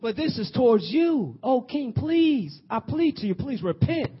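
A man's voice: very high voice, very animated, a little slow, husky, pitched above the performer's own voice, heavily acted. A man voicing a young male prophet who earnestly begs a king to repent. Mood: pleading. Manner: earnest, pleading. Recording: dull lo-fi sound.

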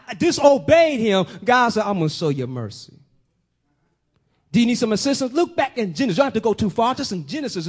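A man with a high, light voice preaches a sermon. He questions his listeners directly, swells to loud, emphatic peaks and then sinks back to a low, quiet delivery. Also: slightly rough. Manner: talks straight to the congregation with questions.

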